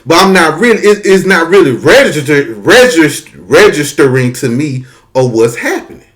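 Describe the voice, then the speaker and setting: A man's voice: on the high side, moderate pace. A man telling a story casually and with lots of profanity, talking straight to his audience. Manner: animated, profane, addresses the audience as y'all.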